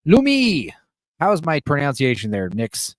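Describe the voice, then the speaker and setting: An American man hosts a casual livestream chat, swearing freely and rambling in an animated way as he reads and answers viewers' messages. His voice is on the high side and he talks at a normal speed.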